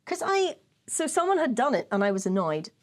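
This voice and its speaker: Animated Irish woman with a high voice. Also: brisk. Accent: Irish, County Kerry. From Ireland. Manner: animated storyteller, lots of laughing asides. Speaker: co-host. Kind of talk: casual chat.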